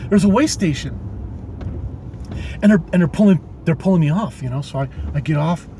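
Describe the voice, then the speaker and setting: A man's voice: a little high, lively intonation, brisk, dark tone. A man telling rambling stories on a live stream from his truck, laughing often and dropping "man" and mild swears. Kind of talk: casual storytelling on a live stream. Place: inside a moving truck cab. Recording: road and engine noise behind.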